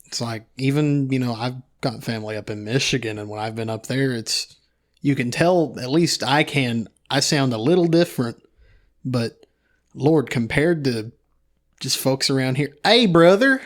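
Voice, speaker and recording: Young man, mild Eastern Kentucky drawl, mid-pitched voice, wry and dry, casual podcast talk. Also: moderate pace. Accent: Eastern Kentucky, light drawl. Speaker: podcast co-host. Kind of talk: casual chat.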